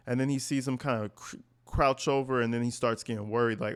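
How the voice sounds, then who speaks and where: A man hosting a commentary channel, reacting to an interview in a blunt, profane, animated rant. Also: medium pitch, a little fast.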